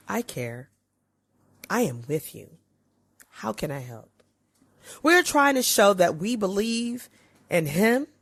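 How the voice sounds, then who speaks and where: A woman podcast host reading aloud from a relationship book, with expressive swings in pitch and loudness. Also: husky, dry recording.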